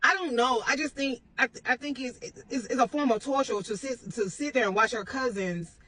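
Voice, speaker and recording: A woman's voice: fairly high pitch, a little fast, bright, forceful tone, husky, no room sound. A woman telling a personal parenting story in a casual, blunt, rambling way, with some profanity. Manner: rambling with restarts; confident.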